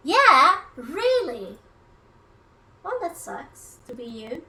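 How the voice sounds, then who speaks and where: This streamer's voice is very high, bright, and pushed, with big pitch swings and a slow delivery. She cooks live in her kitchen, casually teasing and joking around with her viewers.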